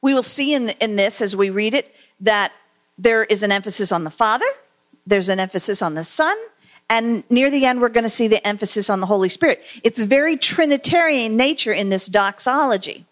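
A woman giving a conversational sermon, asking her listeners questions and reading scripture aloud, with frequent pauses and fillers. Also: a little high. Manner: conversational, asks the congregation questions; halting, many fillers. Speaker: preacher.

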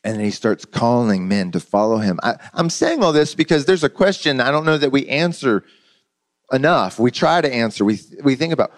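A man's voice: mid-range voice, lively intonation, a little fast. A man preaching a sermon in a conversational, storytelling way, often repeating words as he goes. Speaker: pastor.

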